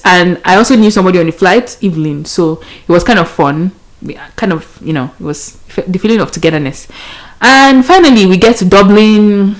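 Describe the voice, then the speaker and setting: A young Nigerian woman hosting a podcast, telling a story casually and animatedly, laughing often and mixing in pidgin. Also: lowish voice. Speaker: podcast host.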